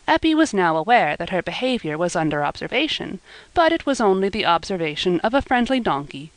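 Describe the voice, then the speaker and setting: An audiobook narrator reads a classic novel in a measured, even storytelling style. Her voice sits in the mid range, and the scripted narration carries no room sound.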